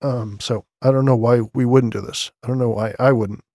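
A man's voice: mid-range voice, steady tone, moderate pace, darkish tone, no echo. A man hosting a podcast, running through tech news items in a loose, conversational way with asides, recorded on a studio condenser microphone. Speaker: podcast host. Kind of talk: casual newsletter-style tech commentary.

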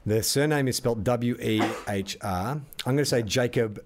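A man's voice: medium pitch, normal speed, noisy background. An Australian man co-hosting a podcast, chatting casually and laughing at his own mistakes. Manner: laughing, self-mocking. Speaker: podcast co-host. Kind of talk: casual chat.

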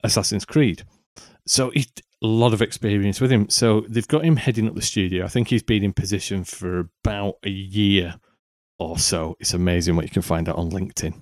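Male podcast co-host, lowish and dry, full of ums and restarts. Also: fairly even intonation, a little fast, no echo. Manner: chatty, rambling with many ums and restarts. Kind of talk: casual chat.

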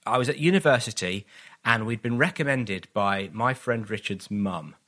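Comedian guest, male, bright voice, rambling storyteller who keeps restarting. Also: on the low side, normal speed. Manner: rambling anecdotes with many restarts and acted quotes. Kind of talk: casual podcast chat.

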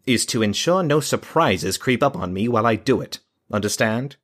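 A man's voice: lowish voice, sing-song, breathy edge. A man voicing a smug commanding mage. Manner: pointed, condescending, slow.

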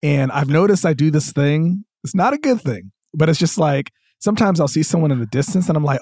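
Man, podcast host, lively voice, slightly husky, casual and upbeat. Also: fairly high pitch, brisk, few pauses, no echo, studio quality. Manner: upbeat, chatty, lots of fillers. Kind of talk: casual comedy podcast chat.

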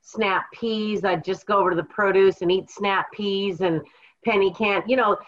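A woman's voice: mid-range voice, fairly even intonation, normal speed, dull audio. A woman from Washington State's Kittitas Valley, a podcast guest and author, telling her story in an earnest, reflective way. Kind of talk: conversational podcast interview.

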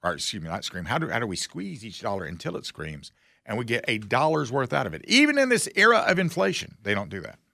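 Gravelly, sarcastic man hosting a talk show. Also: medium pitch, wildly swooping pitch, fast, bright, forceful tone, dry recording, studio quality. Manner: sarcastic, folksy, mocking. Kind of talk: casual political commentary.

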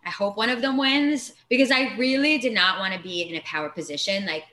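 A woman's voice: mid-range voice, brisk, pushed and bright, slight background noise, low-quality recording. A woman guest speaks candidly and casually, swearing now and then and laughing at herself. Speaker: competitor guest. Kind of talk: casual chat.

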